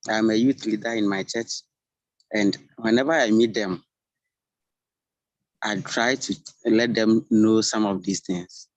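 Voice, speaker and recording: A young man shares his thoughts in class, speaking slowly and earnestly in a somewhat low voice. He sometimes pauses to search for words. The recording is dry, with little room sound. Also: fairly even intonation, no echo, poor audio. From Ghana. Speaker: church youth leader, class participant.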